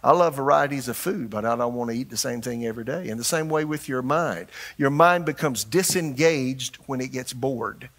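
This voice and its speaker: An older man preaching a sermon as pastor, animated and shifting his delivery, putting questions to the congregation. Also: mid-range voice, normal speed, few pauses.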